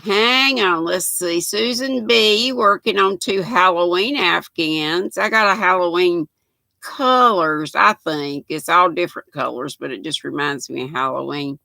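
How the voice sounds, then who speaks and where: Older North Carolina woman, Southern accent, livestream host; bright and gravelly, folksy. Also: fairly low pitch, unhurried, dry recording. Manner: chatty, folksy, greets viewers by name. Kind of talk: casual livestream chat reading comments.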